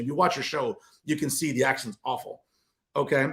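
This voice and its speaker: A man's voice: mid-range voice, quick pace, fairly bright tone. A man hosting a political commentary show, delivering a combative, sarcastic monologue straight to his viewers.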